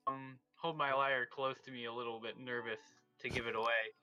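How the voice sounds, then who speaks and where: A man's voice: mid-range voice, flat delivery, a little fast, bright, forceful tone, faint music behind. A man playing a tabletop game, speaking hesitantly with frequent ums, on a dull lo-fi mic. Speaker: player.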